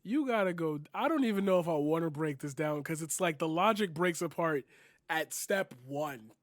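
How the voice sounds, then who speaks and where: A young man reacting to online posts on a close desk mic, his voice high and the sound completely dry. He is sarcastic and incredulous, swearing often and peppering every thought with "like" and "bro". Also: expressive, normal speed, no echo. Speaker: commentary streamer. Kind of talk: reaction commentary.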